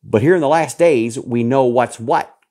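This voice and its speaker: A man in his fifties preaching a sermon, emphatic and repetitive, his voice jumping suddenly in pitch to stress a point. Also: moderate pace, warm tone. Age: 50s.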